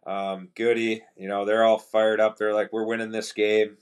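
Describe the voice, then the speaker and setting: Here a hockey pro appears as a podcast guest, his voice on the low side and his pace normal. His relaxed storytelling includes imitations of what teammates said, broken up by repeated restarts and plenty of fillers.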